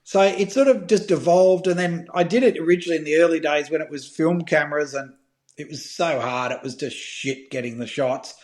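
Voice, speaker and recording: Chatty Australian man, high voice. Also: brisk. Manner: animated storyteller, swears freely. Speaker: guest, fishing filmmaker. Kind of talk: casual podcast chat.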